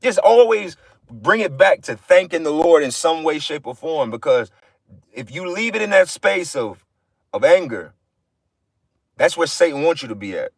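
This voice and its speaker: A man's voice: on the high side, very animated, normal speed, dry recording. A man giving an informal livestream sermon, blunt and profane, repeating phrases for emphasis. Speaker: livestream preacher.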